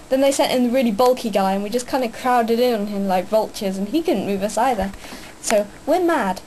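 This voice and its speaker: Young woman, excitable rambling vlogger, somewhat high pitch, faint noise behind. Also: fast, low-quality recording. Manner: hyper, rambling, many fillers. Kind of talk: casual vlog chat.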